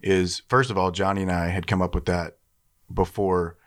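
A man with a very deep voice co-hosts a casual podcast. He tells stories in an animated way and often laughs along. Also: normal speed. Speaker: podcast co-host.

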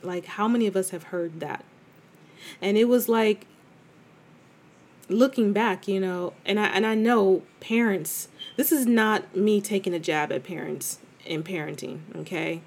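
A woman's voice: mid-range voice, unhurried, darkish tone. A woman hosting a podcast, talking candidly and reflectively in a chatty way, with many fillers and restarts. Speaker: podcast host. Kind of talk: casual reflective monologue.

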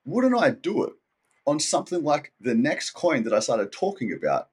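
Husky-voiced man telling a story casually. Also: on the high side, normal speed. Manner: animated storytelling, acting out what others said; casual and slangy, many "like" and "dude" fillers. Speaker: interview guest. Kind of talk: casual podcast conversation.

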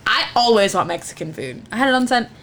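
A woman's voice: a little high, lively intonation, quick pace, vocal fry, a bit bright, a little hiss or hum. Joking female podcast storyteller. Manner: storytelling, jokey, swears casually. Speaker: podcast co-host. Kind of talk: casual chat, retelling a legend.

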